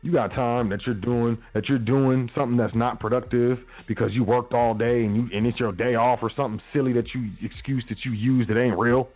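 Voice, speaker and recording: Here a radio host with a mid-range voice gives relaxed motivational talk, sounding like a slang-using big brother and dramatizing short quotes. The recording has no echo yet carries a tinny, phone-style tone.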